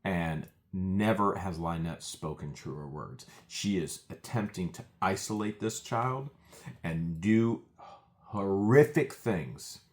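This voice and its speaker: Deep-voiced, indignant man co-hosting. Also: takes it slowly. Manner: emphatic, indignant, quotes testimony. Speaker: podcast co-host. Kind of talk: casual commentary on a court case.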